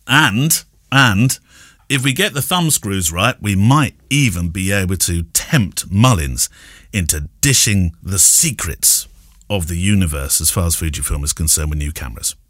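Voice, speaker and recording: Lively chatty man hosting a podcast. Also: deep voice, unhurried, no echo, studio quality. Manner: chatty, laughs often, rambling with restarts. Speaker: podcast host. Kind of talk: casual chat.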